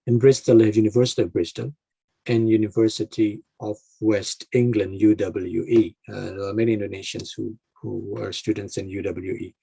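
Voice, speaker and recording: A man's voice: on the low side, little pitch movement, normal speed, creaky, warm tone, husky, no echo. A man giving an online talk to a club, speaking hesitantly with many fillers and restarts over a video call. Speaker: guest speaker.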